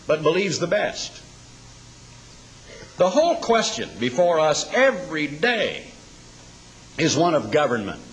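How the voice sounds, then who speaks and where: Male preacher, sermon, dramatic delivery, slightly high voice, slow scripture recitation. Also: a bit bright, rough recording.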